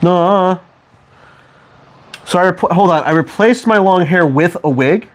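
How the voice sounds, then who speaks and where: A man's voice: high voice, measured pace. A young man chatting casually on a stream, joking and self-mocking as he rambles on. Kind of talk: casual live-stream chat.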